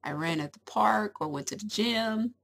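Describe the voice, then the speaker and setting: A woman's voice: medium pitch, normal speed, creaky, fairly bright tone, slightly rough. A young woman chatting casually to camera at home. She is giggly and rambling and fills her talk with little asides. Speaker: vlogger.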